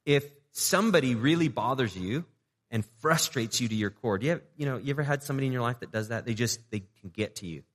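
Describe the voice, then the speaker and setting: Man, pastor, sermon, conversational, rhetorical questions, middle pitch, reverberant hall. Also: expressive, quick pace. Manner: repeats words as he restarts.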